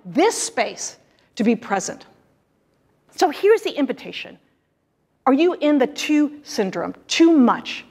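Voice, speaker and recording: A woman minister giving an expressive, conversational spiritual talk with playful asides. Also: high voice. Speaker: guest minister. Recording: long hall reverb.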